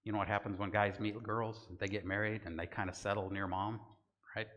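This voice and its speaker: A man's voice: fairly low pitch, level tone, brisk, fairly bright tone, long reverb tail, lo-fi sound. An older man from Southern California giving a Bible lesson in a conversational sermon style, often checking in with listeners by asking "right?". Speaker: church teacher. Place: church hall.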